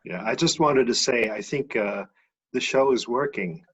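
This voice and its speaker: A man telling a personal story in a relaxed, chuckling way, heard over a muffled video call. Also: mid-range voice, normal speed, slight background noise. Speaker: guest author. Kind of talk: casual storytelling.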